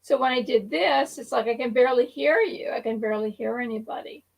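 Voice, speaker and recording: Husky, gravelly woman chatting on a stream. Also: fairly high pitch, fairly quick, poor audio. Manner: laughs while talking, loose trailing sentences. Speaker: stream host. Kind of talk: casual chat. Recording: speaking over a phone with delay.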